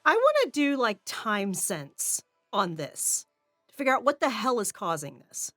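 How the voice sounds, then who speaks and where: A woman's voice: fairly high pitch, wildly swooping pitch, fairly bright tone, no echo, studio quality, faint music behind. A woman playing a tabletop game, chatting casually and laughing often. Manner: giggly, quick to laugh. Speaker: player.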